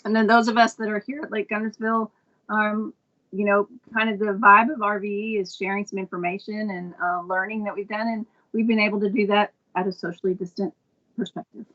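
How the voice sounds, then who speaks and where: A woman's voice: mid-range voice, level tone, fairly quick, a bit bright, muffled recording. A woman speaking as a guest on a video call, upbeat and chatty. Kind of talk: casual video-call chat.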